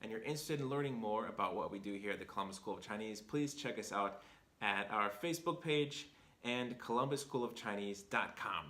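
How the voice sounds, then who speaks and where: Bright-voiced man teaching in a roomy echo. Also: on the low side. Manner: patient, step-by-step explaining. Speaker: Chinese teacher and host. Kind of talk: video lesson explanation.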